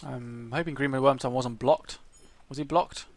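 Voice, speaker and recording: A man with a medium-pitched, everyday voice talks through his strategy game in casual let's play commentary. He thinks aloud, pausing often and filling the gaps with "uh" and "um". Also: fairly even intonation, no room sound. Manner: thinks aloud, hesitant, many fillers.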